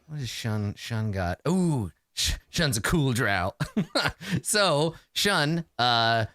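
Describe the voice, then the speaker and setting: A man acting as game master for a tabletop game, his voice rising and falling a great deal as he narrates. He talks in halting bursts full of fillers and small chuckles. The sound is dry and close. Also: mid-range voice, sing-song, pushed and bright, dry recording.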